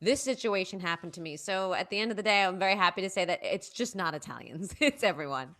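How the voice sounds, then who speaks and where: A woman's voice: fairly low pitch, fast. A woman, a stage performer chatting as an interview guest and acting out family voices as she tells stories. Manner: animated storyteller, acts out family voices. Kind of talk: casual interview chat.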